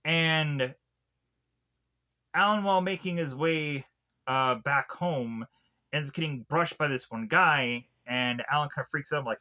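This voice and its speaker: A man's voice: a little high, a little slow, sharp tone, lo-fi sound. A man casually retelling a film's plot as a reviewer, rambling and leaning heavily on "like" and restarts. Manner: rambling, heavy use of "like" and restarts. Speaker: film reviewer. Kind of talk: casual film recap.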